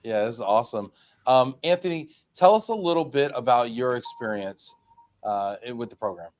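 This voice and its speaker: A man's voice: medium pitch, expressive, normal speed. A man hosting a casual panel chat, joking at his own expense and restarting his sentences often. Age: 30s or older. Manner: jokey, self-deprecating, stammering restarts. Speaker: host.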